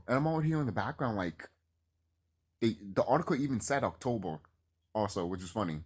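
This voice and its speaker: A man rambling excitedly and cursing freely in a casual vlog monologue to his viewers. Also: lowish voice, fairly quick. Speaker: YouTuber.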